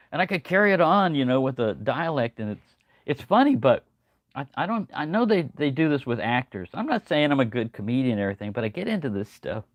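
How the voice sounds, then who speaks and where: A man's voice: a little high, no echo. Older man rambling on a livestream. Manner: rambling, folksy, talks to chat viewers by name. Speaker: livestream host. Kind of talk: casual rambling livestream chat. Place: home, early morning.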